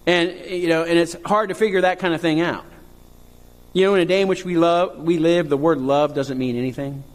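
Guy pastor preaching, gets all fired up and shouty-high, big echoey hall. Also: steady tone, a little fast. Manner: preachy, rising to impassioned high cries. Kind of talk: sermon. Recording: long hall reverb.

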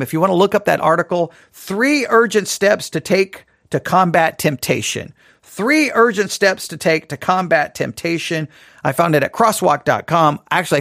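A man's voice: on the high side, creaky, fairly bright tone, no echo, clean studio sound. A man hosting a casual Christian podcast, talking in a rambling, self-deprecating way with many restarts. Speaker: podcast host.

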